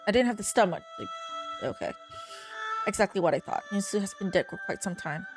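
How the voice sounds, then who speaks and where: Woman reading a story game aloud, mid-pitched, quick to swear at herself; faint music behind. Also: expressive. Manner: exclaims at jump scares. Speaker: gamer playing a story game.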